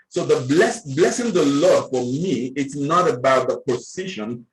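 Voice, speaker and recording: A male minister preaching with a steady, repetitive cadence. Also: medium pitch, unhurried, slight background noise. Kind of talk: preaching a sermon. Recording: echoey room.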